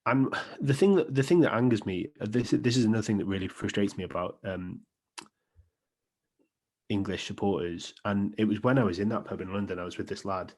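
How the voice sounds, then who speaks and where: A young Welsh man with a Welsh accent, co-hosting a sports podcast in casual, animated chat. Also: on the low side, a little fast. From Wales. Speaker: podcast co-host.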